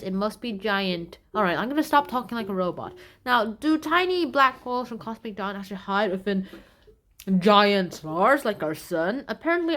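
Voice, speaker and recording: A woman casually summarizing science news from a magazine, in a loose, rambling way with playful asides. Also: medium pitch.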